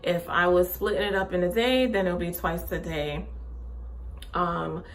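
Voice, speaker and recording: A woman's voice: lowish voice, fairly even intonation, unhurried. A young woman chatting casually in a pregnancy update vlog, rambling with lots of fillers and restarts, often a little out of breath. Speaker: vlogger.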